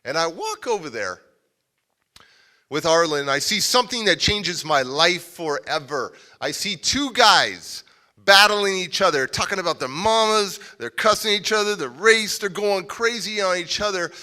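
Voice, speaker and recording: A man's voice: sits high, normal speed. A man giving a live motivational speech, telling a story and acting out the voices of the people in it. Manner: animated, acts out quoted voices. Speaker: motivational speaker. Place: civic center stage.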